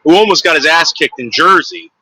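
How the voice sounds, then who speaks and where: Brief: crude, digressive man in his forties, very bright tone, dry close recording. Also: a little high, a little fast, no echo, poor audio. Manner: rambling, crude, digressive, frequent fillers. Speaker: storyteller. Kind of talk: rambling anecdote.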